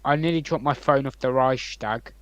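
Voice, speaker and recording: A young man co-hosting a podcast, rambling through anecdotes with many ums and likes and swinging between loud and quiet. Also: mid-range voice, moderate pace, dry recording, muffled recording. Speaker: podcast co-host. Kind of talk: casual storytelling chat.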